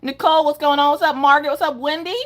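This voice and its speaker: A woman's voice: high-pitched, fairly even intonation, very fast. A middle-aged woman hosting a casual livestream from home, greeting viewers by name in a sing-song way. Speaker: livestream host.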